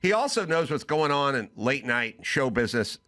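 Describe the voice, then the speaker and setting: A man hosting a podcast, telling a comic story and acting out both sides of a phone conversation, his voice rising to excited shouts. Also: medium pitch, normal speed. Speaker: podcast host.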